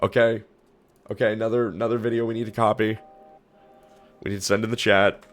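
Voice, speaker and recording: A man streaming, giving excited reaction commentary with loud gushing outbursts. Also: fairly low pitch, brisk.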